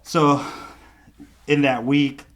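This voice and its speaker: A man's voice: medium pitch, flat delivery, very slow, fairly bright tone. A man in his thirties from Southern California, a guest artist telling his story in casual, slangy chat and acting out the voices of people he quotes.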